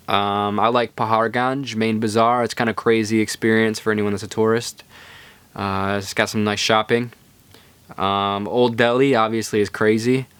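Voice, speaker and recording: Young male podcast host, low-voiced, rambling and laid-back, close dry mic. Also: a bit bright, smooth, no room sound. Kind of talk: casual storytelling monologue.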